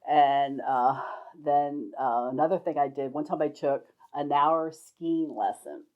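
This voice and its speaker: An older woman recalls her adventures in a loose, rambling way, laughing easily as she goes. Her voice sits low, and the recording sounds dull and lo-fi. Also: unhurried. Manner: rambling, laughs often between anecdotes. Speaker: storyteller sharing life stories. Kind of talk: casual spoken memoir.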